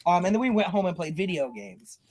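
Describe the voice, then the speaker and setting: A young man from the South telling wild childhood stories in a casual, deadpan, nonchalant way, with frequent laughs. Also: sits high, fairly quick. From Southern US, North Carolina. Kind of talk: casual storytelling chat.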